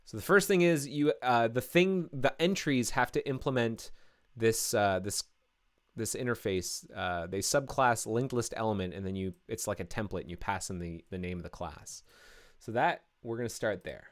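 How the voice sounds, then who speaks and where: A man's voice: on the low side, moderate pace. A man live-streaming his coding work, talking through each step casually with many fillers and restarts.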